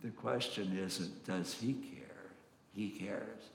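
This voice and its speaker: A man preaching a sermon in a slow, earnest, emphatic way, recorded in a church sanctuary. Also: on the low side, gravelly. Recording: echoey hall, roomy reverb.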